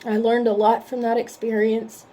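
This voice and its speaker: Tearful, chatty woman with a higher voice. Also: level tone, normal speed. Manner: emotional and tearful, apologetic, warmly chatty. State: teary from crying. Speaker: reaction channel host. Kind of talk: casual reaction vlog chat.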